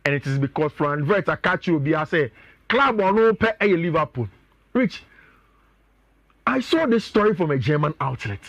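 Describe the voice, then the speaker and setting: Animated high-voiced Ghanaian radio pundit. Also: male voice, moderate pace, dry recording, muffled recording. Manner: animated, chatty, addresses co-host often. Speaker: sports pundit. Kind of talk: radio sports talk show.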